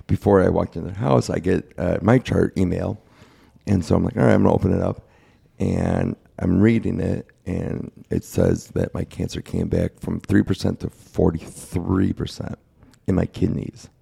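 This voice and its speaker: A young man talks plainly and candidly in a casual interview. His voice sits very low, with a heavy gravelly fry and a dark, husky edge. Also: moderate pace. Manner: candid, plain-spoken, quotes others in his retelling. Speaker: guest sharing his cancer story.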